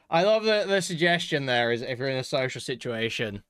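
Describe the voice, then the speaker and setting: Guy doing reaction commentary, smooth clear voice, dry close mic, laughs and mocks a lot. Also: mid-range voice, fairly bright tone, dry recording. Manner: mocking, laughing, crude. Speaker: commentary host.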